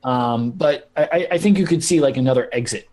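A man's voice: medium pitch, fairly quick, a little mellow. A man running a tabletop game as game master, rambling casually with lots of "like" and filler. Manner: rambling, heavy use of "like", laughing asides.

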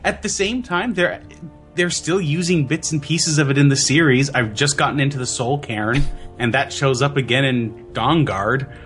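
A man's voice: medium pitch, normal speed, a bit bright, faint music behind. A man co-hosting a casual gaming podcast, rambling with amused enthusiasm. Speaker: podcast co-host.

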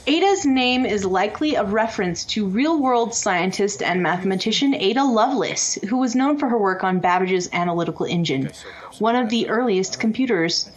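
A woman's voice: mid-range voice, expressive, normal speed, lo-fi sound. A woman co-hosting a podcast in casual chat, laughing often and reading out comments from the chat. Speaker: podcast co-host.

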